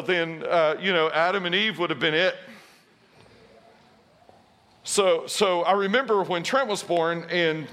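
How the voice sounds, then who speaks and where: Male pastor, middle-aged, high bright voice, humorous storyteller in the pulpit. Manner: storytelling, self-deprecating humor. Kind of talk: sermon.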